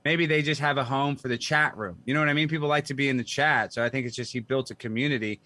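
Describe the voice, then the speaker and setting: A man's voice: mid-range voice, steady tone, fast, sharp tone, no room sound. A man hosting a podcast in casual chat, blunt and rambling. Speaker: podcast host.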